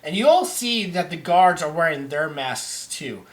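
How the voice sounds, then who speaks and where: A man narrating as game master over online voice chat, halting and restarting often. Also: a little high, animated. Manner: halting, many restarts and fillers.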